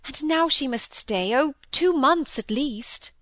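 A woman reading aloud, voicing a kindly, genteel lady of the manor with a gentle, coaxing manner. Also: high voice, expressive, takes it slowly, no echo, pitched above the performer's own voice, heavily acted. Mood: fond.

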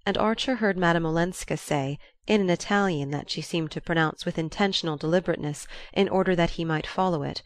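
Low-voiced woman narrating an audiobook. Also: fairly quick, hardly any pauses, dry recording, clean studio sound. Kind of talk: scripted narration.

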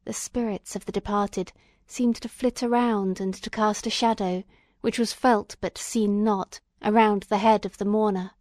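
A woman narrates a classic novel for an audiobook in a solemn, measured way. Her voice sits at a middling pitch, and the recording is dry with no room echo. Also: steady tone, darkish tone. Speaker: audiobook reader. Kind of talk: scripted narration.

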